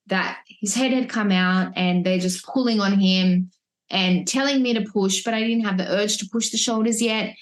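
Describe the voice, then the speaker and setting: A woman talks casually as a podcast guest. She is reflective and chatty, often restarting her sentences. Her voice sits at an everyday middle pitch. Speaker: podcast guest, mother of three. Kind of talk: casual birth-story telling. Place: at home, holding a baby. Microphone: wearing headphones, remote podcast recording.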